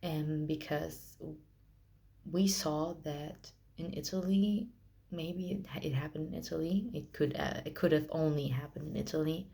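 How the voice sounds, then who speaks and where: Slow, gravelly low-voiced woman storyteller. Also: steady tone, mellow. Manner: emotional, halting with restarts. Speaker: mother telling her illness story. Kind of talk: personal storytelling vlog.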